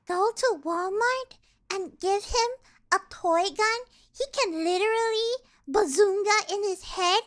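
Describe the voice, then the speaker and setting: A woman streamer chatting casually while reacting to a video, excitable and often stammering and repeating herself. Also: very high-pitched.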